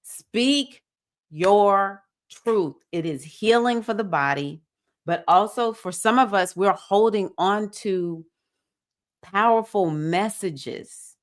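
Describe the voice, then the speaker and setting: Speaking slowly in a mid-range voice, a Southern woman leads a livestreamed spiritual circle for women. Her earnest, preachy talk to the group is punctuated by bursts of excitement.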